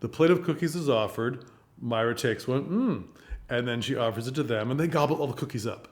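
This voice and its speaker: A man in a relaxed, unscripted review, talking through his thoughts on a play as they come to him. His delivery wanders and circles back, with lively little asides, at an ordinary middle pitch for a man. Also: fast talker. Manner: rambling, thinks aloud, animated asides. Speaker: theater reviewer. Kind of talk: casual spoken review.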